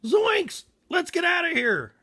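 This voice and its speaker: A man's voice: high-pitched, sing-song, normal speed, a bit bright, pitched above the performer's own voice, heavily acted. A man voicing a cowardly, always-hungry young cartoon slacker who stammers and keeps saying "like". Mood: terrified. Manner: stammering, says "like" a lot.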